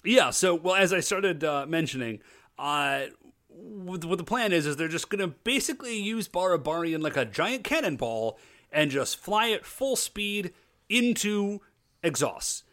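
A man in casual podcast chat, recapping a TV show and acting out the characters in quick voices. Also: sits high, expressive, fairly bright tone. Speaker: podcast co-host.

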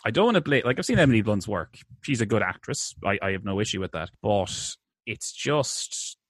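Male podcast co-host, lowish voice, dry close sound, loose rambling delivery. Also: expressive, moderate pace, no echo. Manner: rambling, hesitant, many restarts. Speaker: podcast co-host reviewing films. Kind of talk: casual chat.

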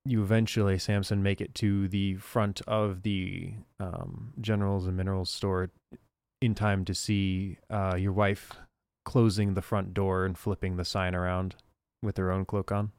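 A man narrating a tabletop game as game master, in a relaxed, casual way. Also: sits low, unhurried, clear, resonant tone, dry recording.

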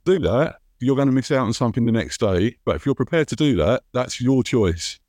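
A man hosting a podcast, chatting in a relaxed, agreeable way. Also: mid-range voice, a little fast, no room sound, studio quality. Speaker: podcast host. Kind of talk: casual conversation.

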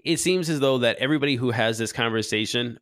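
A man's voice: mid-range voice, fast, a bit bright, no room sound, studio quality. A man hosting a podcast, reading crypto news and adding wry, offhand asides. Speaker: podcast host. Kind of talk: casual crypto news commentary.

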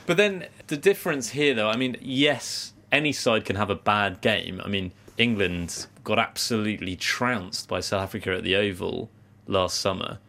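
A man with a low voice talks cricket in a measured, analytical way. He weighs each point and hedges his opinions. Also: vocal fry, a bit bright. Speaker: cricket podcast co-host. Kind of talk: casual cricket discussion.

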